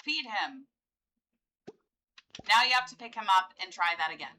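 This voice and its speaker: A woman's voice: medium pitch, expressive, normal speed, pushed and bright, soft background music, low-quality recording. A woman giving casual gameplay commentary, chatty and coaxing as she pleads with her game characters. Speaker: gameplay video host.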